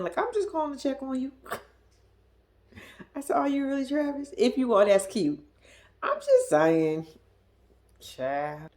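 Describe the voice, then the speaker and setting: A woman's voice: mid-range voice, a little mellow. A young woman giving a sassy, slangy recap of a reality show, mimicking the cast in squealing voices. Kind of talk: casual recap commentary.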